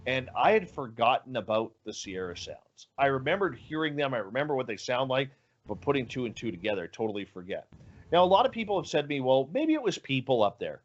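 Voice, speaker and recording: A man's voice: mid-range voice, big pitch swings, quick pace, dull audio. A man telling a story as a guest in an interview, acting out the dialogue with animation. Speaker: guest, radio show host.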